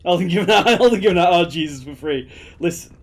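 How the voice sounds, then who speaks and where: A streamer with a Yorkshire accent and a fairly high voice chats through his gameplay. He jokes, swears mildly and grumbles at the screen as he plays. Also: animated, normal speed. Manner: jokey, chatty, swears mildly and mutters to the screen. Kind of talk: casual gameplay commentary.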